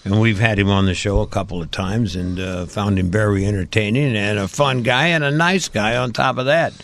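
A man's voice: fairly low pitch, brisk, creaky, a bit bright. A man hosting a talk show, introducing and questioning a guest in a friendly, plain way.

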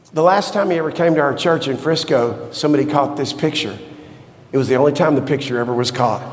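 A middle-aged man preaching a sermon and telling a personal story, shifting from soft low asides to high, excited exclamations. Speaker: pastor. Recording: long hall reverb.

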